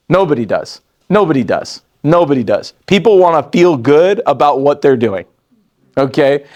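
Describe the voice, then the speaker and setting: Fortyish male trainer, voice sits a bit high, lively and joking, addresses the room directly. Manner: animated, joking, laughs often, talks straight to the room. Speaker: sales team trainer. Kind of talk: live training talk to an audience.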